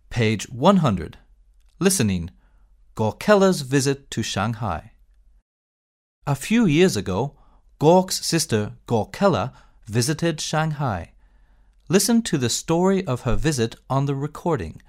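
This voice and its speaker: A man reading textbook audio, slow and clear, narrating a story and giving exercise instructions. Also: medium pitch, sing-song, darkish tone. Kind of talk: scripted narration.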